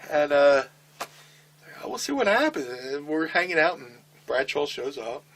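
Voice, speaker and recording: Middle-aged man, forceful bright tone, casual swearing storyteller, halting restarts. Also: on the high side, low-quality recording. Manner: animated, swearing, acts out quoted voices, halting restarts. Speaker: interview guest, wrestler. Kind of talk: casual storytelling in a shoot interview.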